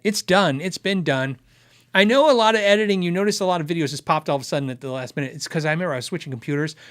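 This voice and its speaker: A man's voice: high voice, a bit bright. A man hosting a guitar tech channel, answering viewer questions in a live-stream chat, earnest and thinking aloud with many restarts.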